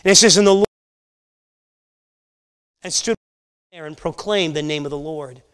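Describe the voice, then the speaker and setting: A man teaching a Bible lesson to a church class, earnest and halting, often restarting his sentences. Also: fairly high pitch, a bit bright, clear, resonant tone. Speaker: Sunday school teacher.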